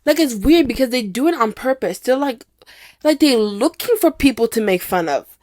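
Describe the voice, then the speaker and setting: A woman's voice: fairly high pitch, expressive, normal speed, a little mellow, dry recording, studio quality. A young adult woman hosting her own podcast, talking through her feelings in a loose, rambling way, full of "like", restarts and casual swearing. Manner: rambling, filler-heavy, swears freely. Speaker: podcast host. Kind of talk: candid casual monologue.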